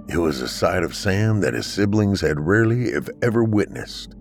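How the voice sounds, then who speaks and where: Deep-voiced male story narrator. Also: sing-song, moderate pace, creaky, few pauses, soft background music. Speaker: podcast storyteller. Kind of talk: scripted narration of a horror story.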